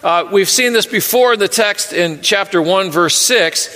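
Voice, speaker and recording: Male pastor, earnest sermon with jokes; bright tone, reverberant sanctuary. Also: high voice, a little slow. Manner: earnest, repeats words, light humor. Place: church sanctuary.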